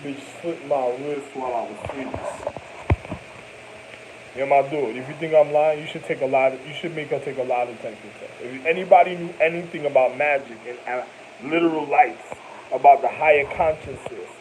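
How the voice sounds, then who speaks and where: A young man telling a rambling, animated personal story in profane street slang, full of repetitions and asides. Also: mid-range voice, normal speed, slight background noise, poor audio. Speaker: vlogger.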